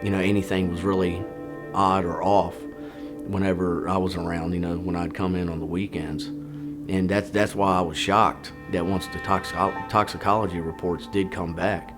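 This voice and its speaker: A man in his forties, a former Navy officer, haltingly recalling a family tragedy in a documentary interview. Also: low voice, flat delivery, over music. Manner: halting, full of "you know" and restarts.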